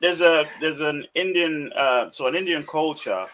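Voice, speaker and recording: A man's voice: a little high, normal speed, a bit bright, poor audio. A man hosting a casual panel discussion, talking reflectively and hedging with "you know". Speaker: panel host.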